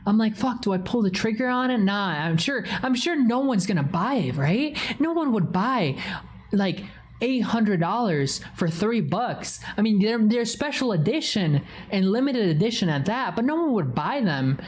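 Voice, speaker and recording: A woman streams casually to her chat, greeting viewers and telling a story. She swears nearly every sentence, and her animated voice swings between high and low. Her voice sits in a middle pitch over a faint hiss of ambience. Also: moderate pace. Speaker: livestreamer.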